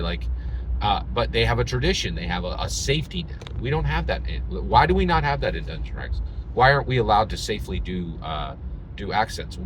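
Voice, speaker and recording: A man's voice: deep voice, noisy background. A man hosting his own vlog, talking in an emphatic, sarcastic commentary style full of rhetorical "right?"s. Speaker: channel host.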